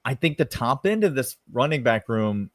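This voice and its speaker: Male podcast co-host, emphatic and lively, dry close sound. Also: mid-range voice, normal speed, no echo. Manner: emphatic, animated, drawls "y'all". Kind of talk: casual sports talk.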